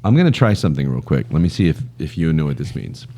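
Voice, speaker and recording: Deep-voiced joking podcast host, man. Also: very animated, fast talker, mellow. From Scotland. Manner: joking, self-deprecating storyteller. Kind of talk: casual podcast banter. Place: studio.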